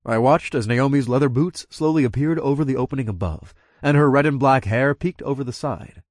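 A man's voice: mid-range voice, fairly quick, darkish tone, dry recording. A man narrating a first-person audiobook in a casual, wry way, recorded close and dry.

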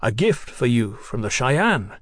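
Man doing a gruff hearty explorer, booming a bit, dry close recording. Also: big pitch swings, a little slow, dry recording. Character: gruff, hearty male explorer-scientist, middle-aged.

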